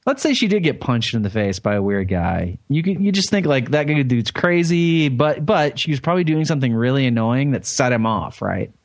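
A man's voice: mid-range voice, big pitch swings, fairly quick, few pauses, no echo. Crude, storytelling man podcaster. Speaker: podcast co-host. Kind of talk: casual comedy podcast chat.

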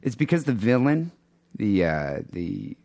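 A low-pitched man co-hosting a podcast, his speech swinging up and down as he rambles through stories with plenty of restarts. The recording is dry and close. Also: unhurried, vocal fry, dry recording. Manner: rambling, hesitant restarts, animated storytelling. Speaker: podcast co-host. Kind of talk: casual comedic chat.

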